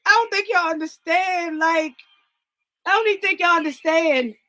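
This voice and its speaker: A woman's voice: extremely high pitch, moderate pace, pushed and bright, poor audio. A woman hosting a live online talk, calling out viewers by name and speaking with exuberant, preacher-like fervor. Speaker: host. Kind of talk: livestream talk, giveaway.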